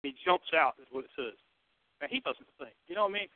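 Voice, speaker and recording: In a dry, narrow recording that sounds like it came over a phone line, a high-voiced male pastor preaches a sermon at a fast, expressive clip with no echo. His tone is conversational, shifting from loud, emphatic bursts to quiet, hushed asides as he keeps posing questions to the congregation.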